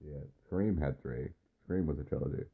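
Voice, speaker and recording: A man's voice: extremely low pitch, moderate pace, husky. A tipsy man co-hosting a casual podcast, talking in a loose, rambling way while drinking. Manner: loose, rambling, drunk-sounding. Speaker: podcast co-host. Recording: lo-fi, phone-like sound.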